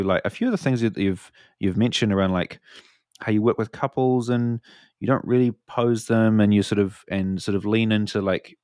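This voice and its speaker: A man hosting a podcast, relaxed and rambling, laughing easily as he steers the chat. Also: fairly low pitch, no room sound, studio quality. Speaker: podcast host.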